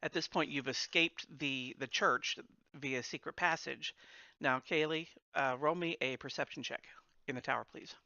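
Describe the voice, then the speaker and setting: A man's voice: mid-range voice, normal speed, vocal fry, bright, forceful tone, no room sound, highs cut off. A man narrating as the game master of a tabletop game, with a casual manner, laughing often.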